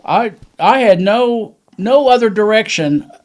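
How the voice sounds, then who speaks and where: A man's voice: high-pitched, expressive, measured pace. A man who is a guest in an interview, talking in a reflective way. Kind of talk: casual interview chat.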